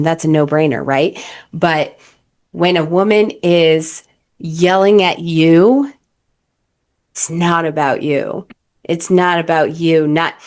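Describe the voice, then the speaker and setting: A young adult woman who works as a relationship coach speaks in a fairly low voice on a candid podcast. She is blunt and animated, sometimes slipping into acted-out voices.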